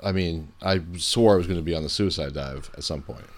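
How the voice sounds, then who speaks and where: A man co-hosting a casual wrestling recap chat, animated and excitable when retelling big moments. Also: deep voice, a little fast. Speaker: podcast co-host.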